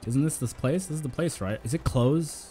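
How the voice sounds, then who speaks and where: A man's voice: medium pitch, moderate pace, mellow, slight background noise. A man streaming a video game, chatting and joking to himself and his viewers. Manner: chatty and jokey, talking to himself and to chat. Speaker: gaming streamer. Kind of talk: casual live-stream commentary.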